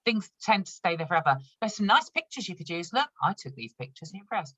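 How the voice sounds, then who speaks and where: A woman leads an online training session with a chatty, upbeat manner, laughing often as she shows products and explains them. Her voice sits a little low. The video call audio is dry and slightly dull. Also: sing-song, quick pace, fairly bright tone, husky, no room sound. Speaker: senior manager training new consultants.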